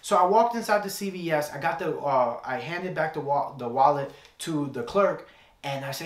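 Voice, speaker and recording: A man's voice: fairly high pitch, lively intonation, normal speed, reverberant. A young man preaching a sermon, telling a personal story in an earnest way and repeating key phrases.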